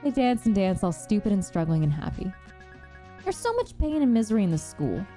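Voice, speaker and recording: A woman's voice: medium pitch, very animated, fairly quick, mellow, soft background music. A woman streamer reading a visual novel aloud, then gushing over it in an earnest, emotional way.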